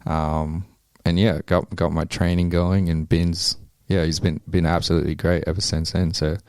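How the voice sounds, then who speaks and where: Gravelly low-voiced man, laid-back and rambling. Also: little pitch movement, moderate pace, a little mellow, dry recording. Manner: laid-back, rambling, swears often, many ums. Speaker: amateur boxer, interview guest. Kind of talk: casual chat.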